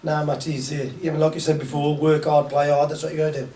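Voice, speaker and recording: A man's voice: a little high, little pitch movement, fast talker, mellow. Chuckling older Black Country man, roomy sound. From Tipton, England. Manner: rambling, chuckling, repeats phrases. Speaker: guest, former footballer. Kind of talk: casual interview chat. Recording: echoey room, mic at a distance.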